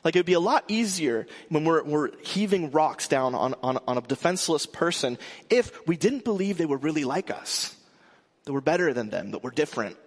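A man preaching a sermon in a casual way, often restarting and filling pauses. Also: a little high, animated, big-room sound. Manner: conversational with frequent restarts and fillers. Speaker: pastor.

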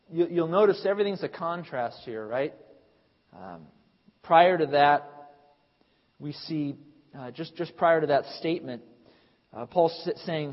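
A man preaching an expository sermon, swelling to emphatic peaks when he reads scripture and dropping low for asides. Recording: dull sound in a reverberant hall.

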